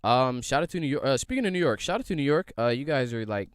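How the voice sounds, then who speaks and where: Young Philly-man, solo podcast host, swinging pitch, dry close sound, cursing and rambling. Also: expressive, fast, clean tone, dry recording. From Philadelphia area. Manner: loose, profane, rambling, rhetorical questions.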